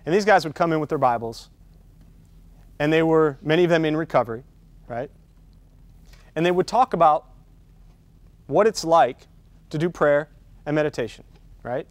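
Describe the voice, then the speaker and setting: Guy teaching a meditation workshop, kinda high voice, dry room, keeps saying right?. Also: normal speed, pauses often, no room sound. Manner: conversational, keeps asking "right?", builds intensity on key points. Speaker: meditation trainer.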